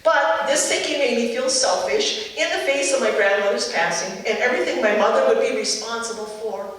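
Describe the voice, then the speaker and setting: Woman, middle-aged, from Minnesota, personal storytelling, measured reflective phrasing, slightly high voice, heavy room echo. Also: a bit bright, far from the mic. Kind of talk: personal storytelling to a live audience.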